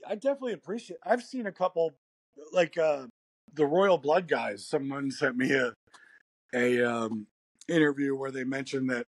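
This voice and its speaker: Rambly american guy in an interview, husky voice, laughs a lot, dead dry sound. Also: mid-range voice, normal speed, dry recording. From United States. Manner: laid-back, rambling, laughs often. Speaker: guest musician. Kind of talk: casual interview chat.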